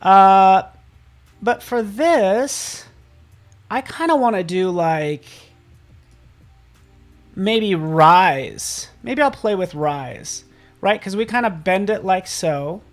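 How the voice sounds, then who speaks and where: A man hosting a live software tutorial, upbeat and chatty, talking to viewers in the chat and joking about himself. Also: high-pitched, lively intonation, slow pace, faint music behind. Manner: casual and self-joking. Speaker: host and software instructor.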